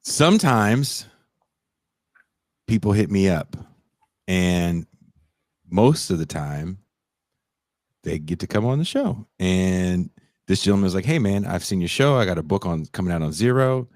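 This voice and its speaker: A man's voice: sits low, expressive, a little slow, pauses often, darkish tone, dry recording, clean studio sound. A man co-hosting a podcast, talking in a loose, slangy, rambling way. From Bay Area, US. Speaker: podcast co-host. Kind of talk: casual podcast chat.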